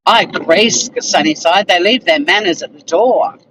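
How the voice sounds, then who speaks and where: Lowish and fairly bright, this woman's voice moves at a moderate pace on a rough recording with some hiss or hum. She chats casually on a livestream, responding to viewer comments with blunt, exasperated rants, plenty of swearing, and lots of laughter.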